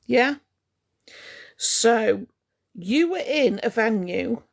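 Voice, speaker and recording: Cross, sarcastic woman with a gravelly voice. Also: fairly high pitch, lively intonation, takes it slowly, long pauses. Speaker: livestream host. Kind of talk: ranting livestream talking to chat.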